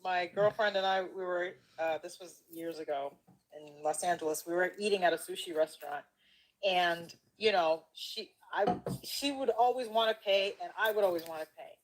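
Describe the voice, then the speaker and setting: A woman's voice: fairly low pitch, moderate pace, poor audio. A woman guest telling a casual story with frequent laughter, acting out the quoted dialogue. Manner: laughing often, bantering, acts out quoted dialogue.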